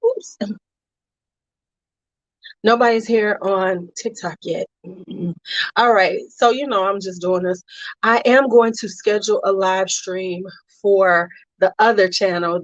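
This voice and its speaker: A woman's voice: medium pitch, slow pace, dry recording. A young adult woman chatting casually on a beauty and fragrance livestream, greeting viewers by name and dropping slangy asides. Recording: slightly dull, dry home recording.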